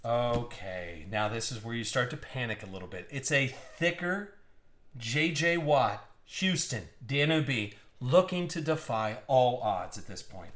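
Excitable man hosting a live card break. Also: mid-range voice, unhurried. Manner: excitable, teasing, laughs often. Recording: roomy echo.

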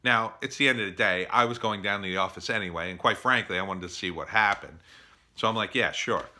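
Bright, forceful man telling a story. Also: on the low side, fairly quick. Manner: animated storytelling, quotes others in exasperated bursts. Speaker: former teacher telling an opinion story. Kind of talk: casual opinion monologue.

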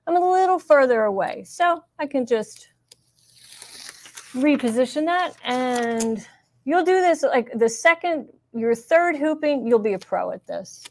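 A middle-aged woman with a fairly high voice hosts a live sewing lesson. She talks viewers through each step in a chatty, encouraging way. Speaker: embroidery instructor. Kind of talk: live-streamed sewing demonstration.

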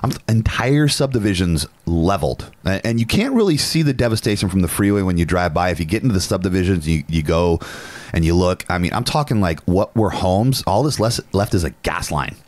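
Very low-voiced animated man, casual chat. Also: a little fast, dry recording. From Northern California. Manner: animated storytelling, swears freely. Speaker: podcast co-host.

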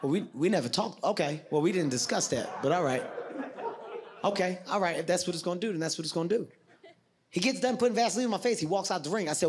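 A man doing animated stand-up storytelling with shouted bits. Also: high-pitched, fast talker, background noise. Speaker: stand-up comedian. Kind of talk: stand-up set. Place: theater stage with audience. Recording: stage mic with loud audience laughter.

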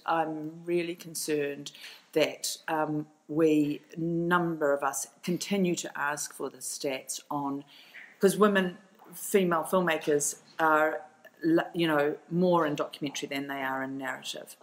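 A middle-aged New Zealand woman, a documentary filmmaker appearing as a podcast guest, speaks at a measured pace in a low-pitched, steady tone. She is passionate and emphatic in the interview, frequently restarting her sentences. The audio is poor.

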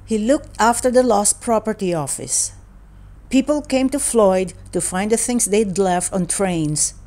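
A woman narrating a children's picture book aloud. She reads slowly and deliberately, every phrase given room. Her voice sits at an ordinary middle pitch. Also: lively intonation, mellow. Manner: slow, deliberate reading. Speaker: storybook reader.

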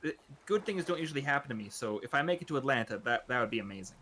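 A man's voice: mid-range voice, animated, very fast, pushed and bright. A man co-hosting a game stream, rambling anxiously and joking at his own expense. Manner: anxious, rambling, self-deprecating. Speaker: stream co-host. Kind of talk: casual live-stream chat.

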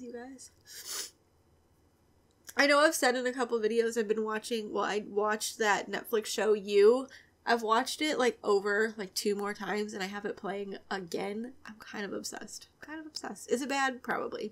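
Giggly, chatty young woman gamer. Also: a little high. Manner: giggly and chatty, often dropping to a soft near-whisper. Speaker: gaming video creator. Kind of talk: casual let's-play commentary.

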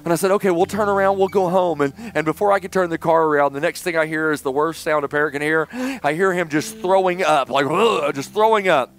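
A middle-aged man preaching a sermon in church, telling a personal story and swinging between loud emphasis and hushed, tender passages. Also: a little high, fast talker, faint music behind. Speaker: pastor. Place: church sanctuary.

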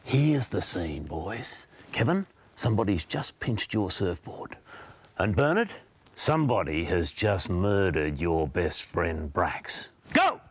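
An actor playing a short-tempered older Australian soap patriarch teaching acting, with a broad Australian accent and a blustering, insult-heavy way of talking. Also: male voice, low-pitched, very animated, slow pace, husky, full character voice. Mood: gruff. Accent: broad Australian, put on. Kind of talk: sketch comedy.

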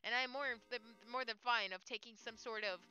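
A woman's voice: a little high, steady tone, a little fast, bright, forceful tone, clear, resonant tone, muffled recording. A woman streaming from home, chatting casually with her chat, teasing friends and giggling.

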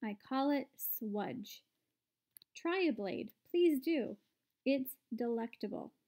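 A woman voicing an eccentric, excitable male chocolate maker who is enthusiastic and showy. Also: fairly high pitch, a little slow.

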